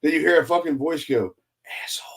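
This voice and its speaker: A man chatting on a podcast in a middle-range voice, swearing freely as he tells stories. He investigates the paranormal and acts out what people said, often bursting into laughter mid-sentence. Casual and animated throughout. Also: medium pitch, moderate pace. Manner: profane animated storytelling, acts out quotes.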